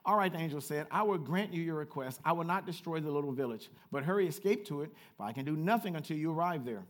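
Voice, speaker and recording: High-voiced preaching pastor. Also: male voice, fast. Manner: animated preaching, swinging from quiet asides to shouted repetition; chatty with the congregation, laughs at himself. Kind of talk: preaching a sermon. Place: church.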